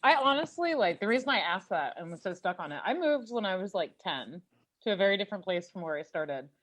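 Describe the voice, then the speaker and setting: A young woman co-hosting a podcast, teasing and blunt, excitable in casual chat. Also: mid-range voice, quick pace. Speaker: podcast co-host.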